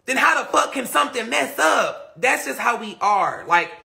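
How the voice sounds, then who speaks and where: A man's voice: very high-pitched, lively intonation, normal speed, vocal fry, pushed and bright. A man chatting casually on a phone livestream, answering viewer comments in a rambling, profane and emphatic way.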